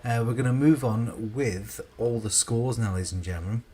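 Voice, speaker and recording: A man hosting a live quiz in a rambling, jokey and relaxed way. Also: medium pitch, normal speed, husky. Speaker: quiz host.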